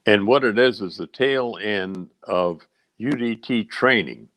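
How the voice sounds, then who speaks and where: Older man with a low, halting storytelling voice. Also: fairly bright tone. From Charleston, South Carolina. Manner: rambling, halting storyteller with many fillers. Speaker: guest, retired rear admiral. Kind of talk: casual storytelling interview.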